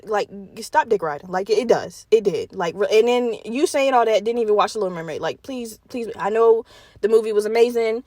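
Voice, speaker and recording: A woman's voice: fairly high pitch, expressive, brisk, darkish tone, dry recording, clean studio sound. A young woman hosting her own podcast, chatting casually and profanely, straight to her listeners. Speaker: podcast host. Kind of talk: casual solo chat.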